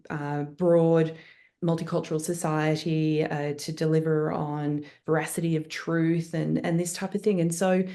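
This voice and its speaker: A woman's voice: low-pitched, gravelly, dark tone. A woman producer from Australia, answering interview questions thoughtfully with many fillers and restarts. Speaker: guest producer. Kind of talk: panel interview.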